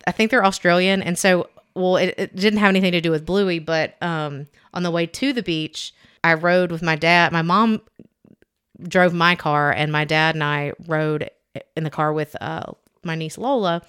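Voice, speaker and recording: A woman's voice: on the low side, steady tone, normal speed, fairly bright tone, smooth. A young adult woman co-hosting a podcast, chatting casually and telling stories with lots of fillers and restarts. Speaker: podcast co-host. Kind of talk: casual chat.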